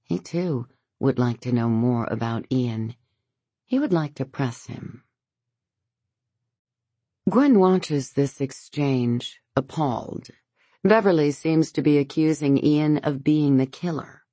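Very low, slow-reading woman narrator. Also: warm tone, no echo. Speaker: audiobook narrator. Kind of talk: scripted narration.

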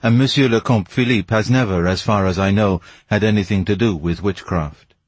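A man voicing a grave, secretive Persian who speaks slowly and in a measured way. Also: lowish voice, breathy edge, dry recording.

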